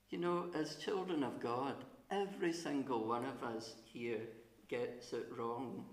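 A middle-aged minister with a chesty, coughing voice, telling a story to children in a church service. He speaks at an ordinary pitch, gently and with pauses. The sound carries around a roomy church. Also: expressive.

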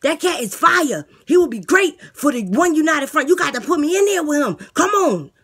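A woman voicing a delusional, boastful male inmate blogger who talks with a lisp, loud and defensive. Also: sits high, big pitch swings, normal speed, voice pushed up, full character voice. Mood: pleading. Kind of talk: comedy skit character voice.

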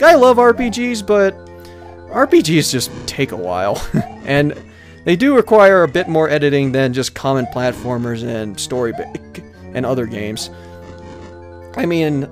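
In a mid-range voice, a male let's player gives casual commentary on his gameplay, laughing a lot, cursing, and erupting into loud, frustrated outbursts.

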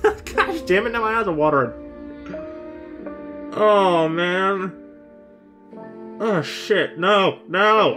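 A man's voice: on the high side, slow pace, long pauses, sharp tone, faint music behind. A man hosting a casual video reaction, chatty and openly emotional, who exclaims and swears often. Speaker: reaction channel host.

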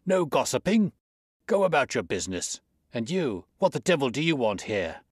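A man voicing a fierce, bullying elderly horse trainer who blusters and shouts. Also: fairly low pitch, lively intonation, normal speed, dry recording, clean studio sound. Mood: angry shouting.

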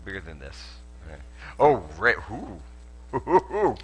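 A man's voice: fairly low pitch, wildly swooping pitch, measured pace, rough recording. A man, a pastor giving a playful sermon with a live demonstration, joking and laughing often with lots of restarts, in a church auditorium.

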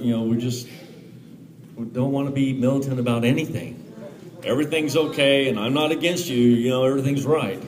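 A man preaching a lively, joking sermon at a church conference, laughing often and building to shouted prayer. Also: mid-range voice. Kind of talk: live charismatic sermon. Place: large church conference hall. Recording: live hall with audible congregation. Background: congregation calling out amens.

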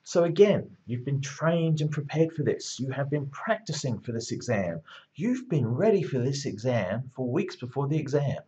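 A man's voice: medium pitch, sing-song, normal speed, warm tone, muffled recording. A man giving a recorded university lecture as a rousing, emphatic pep talk, repeating phrases for effect.

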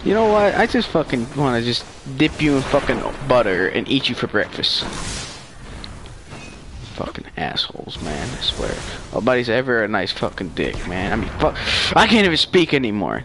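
A man's voice: medium pitch, very animated, moderate pace. Swearing, ranting man over noisy gameplay. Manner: profane, frustrated ranting and taunting. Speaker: gamer playing online. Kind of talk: live gameplay commentary.

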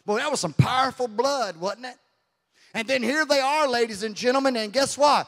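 A man preaching a fervent sermon as pastor, swinging from quiet asides to loud shouting. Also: very high-pitched, normal speed, big-room sound. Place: church sanctuary.

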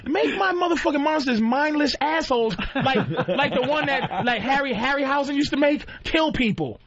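A man guesting as a comedian on a radio talk show, telling stories in a profane, animated way and acting out voices. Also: extremely high pitch, normal speed, dull audio, a loud crowd.

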